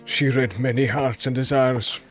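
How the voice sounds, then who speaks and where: Man voicing a gruff dwarf warrior, musing, plain-spoken, audiobook. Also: mid-range voice, fairly even intonation, measured pace, faint music behind, natural voice.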